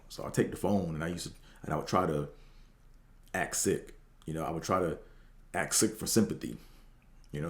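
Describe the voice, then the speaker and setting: A man's voice: very deep voice, fairly quick, a little mellow, echoey room. A middle-aged man from the DC area, hosting a podcast and telling a rambling, profane story full of fillers and restarts. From Washington DC area. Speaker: podcast host. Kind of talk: casual storytelling monologue.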